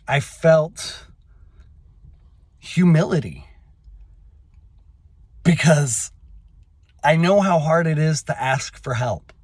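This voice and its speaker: A young adult man telling a personal story in a halting, emotional way, with many fillers and restarts. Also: medium pitch, no echo, studio quality. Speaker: vlogger.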